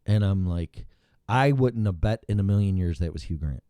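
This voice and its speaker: A male show host riffs in loose, rambling chat, swearing freely and never mincing words. His pitch swings widely as he talks, and his tone is dark and mellow. The sound is dry and close. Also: lively intonation, normal speed, smooth, dry recording. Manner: rambling, blunt and profane. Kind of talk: casual chat.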